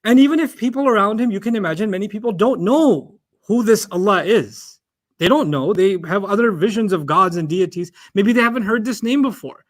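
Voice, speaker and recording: A man's voice: sits high, expressive, fairly quick. A man giving a Quran lesson. He recites Arabic verses in a chant and explains the Arabic words patiently and at length. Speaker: Quran teacher.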